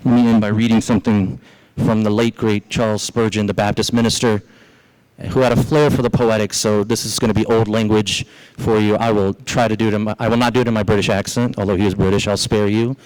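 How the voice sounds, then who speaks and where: A man's voice: little pitch movement, brisk, smooth, rough recording. Preaching man asking rhetorical questions. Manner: preaching with rhetorical questions and sharp rises in pitch. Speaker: pastor. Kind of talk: sermon. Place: church.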